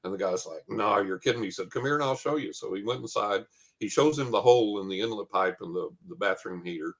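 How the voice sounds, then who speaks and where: A man tells a long anecdote in a fairly low voice. He rambles along with many "uh"s and acts out what other people said. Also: fast talker, gravelly, a bit bright, slightly rough. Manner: rambling anecdote with many fillers and quoted dialogue. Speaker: guest storyteller. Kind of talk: casual storytelling.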